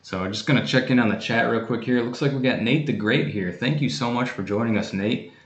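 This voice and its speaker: A man's voice: mid-range voice, fast talker, fairly bright tone, reverberant. A man hosting a casual livestream, chatting easily while he opens fan mail, with many fillers and restarts. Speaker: coin collecting channel host.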